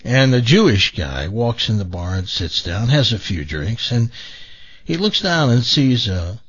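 Middle-aged guy on talk radio, raspy voice, pitch jumping all over as he tells it. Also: a little slow. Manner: animated storyteller, lively pitch. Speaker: radio host. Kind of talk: casual radio talk and joke telling. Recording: dull lo-fi radio broadcast.

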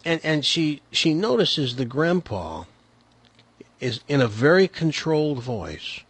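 A man's voice: on the high side, very animated, breathy edge, no echo. A man hosting a radio show, chatting with his co-host and telling a long joke like a practiced storyteller. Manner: chatty storyteller, quick questions. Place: radio studio.

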